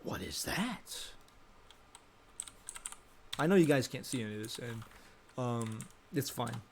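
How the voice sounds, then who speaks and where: A man's voice: mid-range voice, moderate pace, a little mellow, slight background noise. A young adult man giving casual, rambling commentary, thinking aloud and correcting himself as he goes. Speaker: vlogger.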